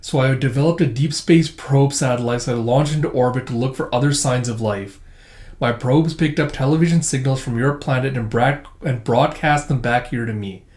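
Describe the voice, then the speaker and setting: A man's voice: medium pitch, moderate pace, darkish tone, lightly acted. Prim male robot, formal, literal speech, voiced by a man, roomy echo. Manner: formal, stiff, overly literal.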